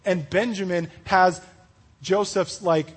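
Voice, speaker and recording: A man giving a casual youth sermon, chatty and full of "like" and "you know", acting out the story's speakers in quick asides. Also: sits high, fairly even intonation, breathy edge. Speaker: youth pastor.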